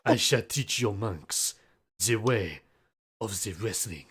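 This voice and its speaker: A man's voice: fairly low pitch, takes it slowly, fairly bright tone, slight background noise, voice pushed down. A man voicing a grand masked male wrestling master with a mock Spanish accent, making theatrical proclamations. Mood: grandiose.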